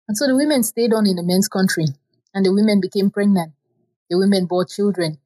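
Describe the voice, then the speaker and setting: A woman reading a folk tale aloud in a plain, steady storytelling manner. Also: medium pitch, fast, breathy edge, low-quality recording. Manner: plain, steady storytelling with simple repeated phrasing.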